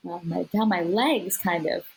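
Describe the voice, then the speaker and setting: Podcast guest, woman, lower register with a husky edge, casual storyteller. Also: poor audio. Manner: chatty, quick to laugh, many fillers. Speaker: podcast guest sharing her birth story.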